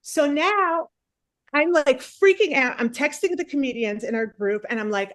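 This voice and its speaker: A woman's voice: on the high side, expressive, moderate pace, dry recording, clean studio sound. Chatty self-mocking woman comic. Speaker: stand-up comedian. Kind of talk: stand-up comedy storytelling.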